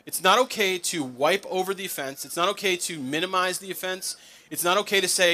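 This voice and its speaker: A young adult man with a bright, forceful, fairly high voice preaches a sermon. He talks in a conversational way and drops joking asides to the congregation between the passages he reads. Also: brisk. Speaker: pastor.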